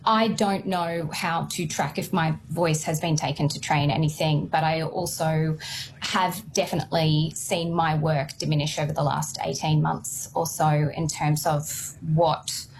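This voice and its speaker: A woman's voice: deep voice, steady tone, unhurried, background noise. A woman voiceover artist speaking earnestly and plainly while giving evidence at a hearing. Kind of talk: testimony at a hearing.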